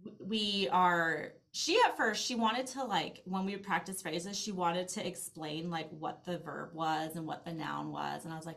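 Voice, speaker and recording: A woman in her thirties or forties, a mother and interview guest, telling an animated story in casual conversation with lots of "like". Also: lowish voice, normal speed, vocal fry, few pauses. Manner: animated storytelling with acted-out quoted asides, filler "like". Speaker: guest, mother who travels with her kids.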